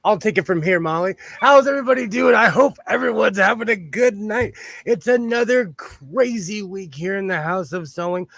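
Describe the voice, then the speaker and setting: A man's voice: high-pitched, moderate pace, creaky, a bit bright. A middle-aged man with a Southern Californian accent hosts a casual sewing livestream, greeting viewers by name.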